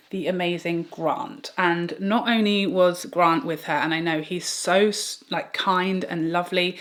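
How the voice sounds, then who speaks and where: A woman's voice: fairly low pitch, a bit bright. A woman vlogger telling a personal story in a get-ready-with-me video, in an earnest, chatty way full of "like". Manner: chatty, earnest retelling with many "like"s.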